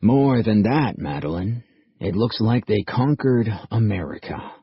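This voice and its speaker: Voiced by a narrator, a calm older man explains things quietly and carefully in a low, husky voice, in a measured, exaggerated manner. The recording is dry, dull, and muffled, with a close feel.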